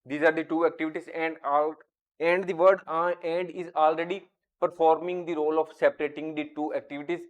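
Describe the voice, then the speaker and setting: A man with a somewhat high voice teaches a grammar lesson. He talks deliberately and draws out each example sentence as he reads it aloud. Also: level tone, lo-fi sound.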